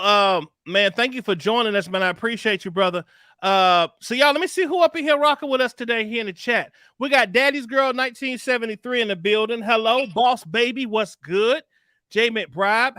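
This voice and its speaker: A man's voice: very high-pitched, normal speed, bright, forceful tone, no room sound, clean studio sound. A man hosting a casual live stream, chatting with guests and greeting viewers by name in a laid-back, slangy way. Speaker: livestream host.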